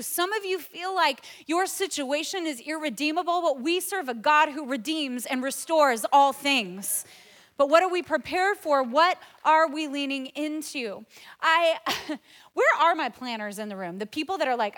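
A woman in her forties preaching a lively sermon to a church congregation, acting out quotes and laughing often. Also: sits high, moderate pace. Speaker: pastor. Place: church auditorium.

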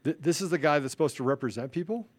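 A man's voice: a little high, quick pace. A man hosting a political commentary show, ranting in a fiery, repetitive, emphatic way. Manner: self-described introvert. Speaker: show host.

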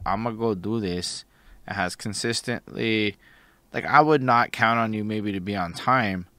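A man with a lowish voice chatting as host, relaxed and affirming. The sound is dry and close. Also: no echo. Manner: easygoing, affirming, says facts. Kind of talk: casual chat.

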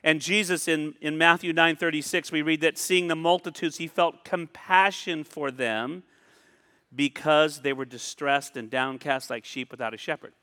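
A male pastor preaching a sermon in a conversational way, pausing and repeating phrases for emphasis. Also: a little high, fairly even intonation, sharp tone. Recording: long hall reverb.

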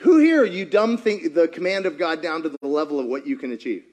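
A man preaching a sermon as pastor, animated and playful, firing questions at the congregation and acting out voices. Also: on the high side, brisk. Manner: animated, asks the crowd many questions; playful, acts out quoted voices.

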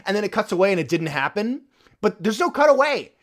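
Animated, swearing podcast co-host. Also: male voice, sits high, fast. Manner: animated storyteller, acts out characters' lines, swears freely. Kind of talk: casual film review chat.

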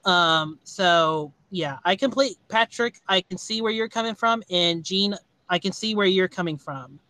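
A man with a high, bright voice hosts a casual podcast chat and rambles through his thoughts, restarting sentences often. His tone is smooth and clear, recorded dry and close. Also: no room sound. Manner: rambling, halting, many restarts and fillers. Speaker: podcast host. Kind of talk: casual movie review chat.

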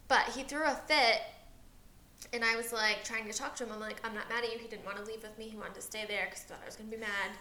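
A woman's voice: on the high side, fairly even intonation, quick pace, sharp tone, roomy sound, slight background noise. A woman co-hosting a casual podcast, rambling through a long story about her son and acting out his lines. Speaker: podcast co-host. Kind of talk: casual chat.

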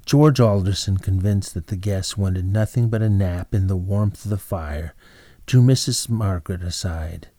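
Low, mellow male storyteller. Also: no room sound. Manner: measured, dramatic pauses. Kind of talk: scripted narration.

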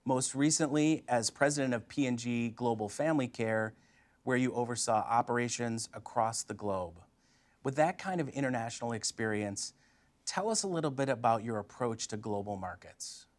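A man interviewing a company CEO, asking measured, prepared questions. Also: medium pitch. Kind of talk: business interview.

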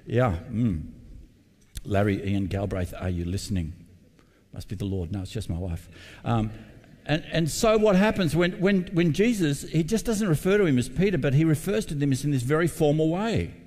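A man's voice: on the high side, very animated, moderate pace, a little mellow, big-room sound. A male pastor preaching a sermon, reading scripture and putting questions to his congregation.

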